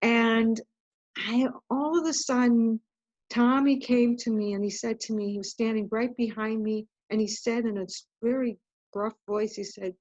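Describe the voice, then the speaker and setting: A woman's voice: fairly high pitch, fairly even intonation, moderate pace, darkish tone, no echo. Earnest rambling woman, muffled lo-fi audio. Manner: earnest, rambling, breaks off and restarts. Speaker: guest author. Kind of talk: casual interview talk.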